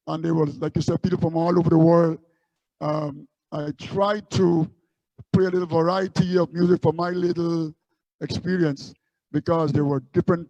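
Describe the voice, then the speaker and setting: A man's voice: fairly high pitch, mellow, no echo, highs cut off. A man from Guyana, a street musician recalling his busking days in a loose, rambling way. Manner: rambling anecdotes with many restarts. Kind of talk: casual storytelling interview.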